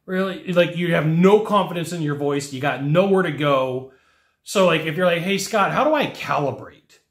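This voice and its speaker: Animated man teaching sales in echoey room. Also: fairly high pitch, normal speed. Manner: animated, acts out whiny customer voices. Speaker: sales trainer. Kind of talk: energetic teaching monologue.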